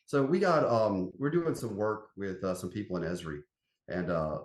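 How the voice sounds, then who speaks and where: A man with a drawl talks as an interview guest, folksy and emphatic, his pitch swinging widely as he tells his stories. His voice carries a noticeable room echo. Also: moderate pace. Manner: animated storyteller, folksy and emphatic. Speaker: company CEO, podcast guest. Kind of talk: casual interview chat. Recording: roomy echo.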